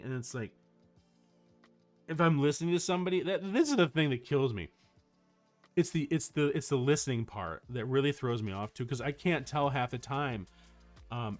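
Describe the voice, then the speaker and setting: Male streamer, casual chat, expressive swooping voice, faint music behind. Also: medium pitch. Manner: animated storytelling with frequent restarts.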